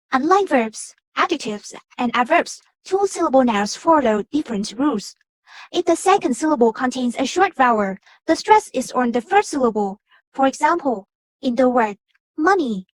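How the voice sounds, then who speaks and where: High-voiced young woman reading a lesson. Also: dry recording. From Vietnam. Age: young adult. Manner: measured, explanatory, reads from a script. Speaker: student presenter. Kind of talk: reading a class presentation.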